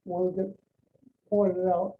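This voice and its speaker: A man's voice: sits high, level tone, slow pace, phone-quality sound. A man leading songs at a club dinner meeting, joking and rambling in a casual way. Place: dinner meeting room with members present. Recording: echoey room from far off with crowd noise.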